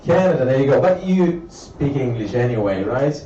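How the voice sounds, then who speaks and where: At a moderate pace, an Italian-accented young man from Italy does a stand-up set for a club crowd, animatedly voicing characters with large leaps in pitch. The recording is distant, roomy and dull, with a noisy background.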